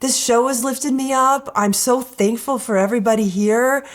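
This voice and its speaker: A woman who is a reality show contestant, telling animated and emotional personal stories in a candid interview. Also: fairly high pitch, normal speed.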